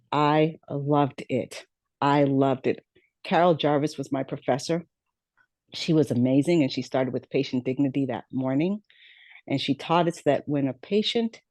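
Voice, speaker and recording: Warm-voiced woman telling her story. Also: low-pitched, no echo. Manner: conversational, many fillers, acts out quoted dialogue. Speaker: podcast guest. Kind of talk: storytelling in a podcast interview.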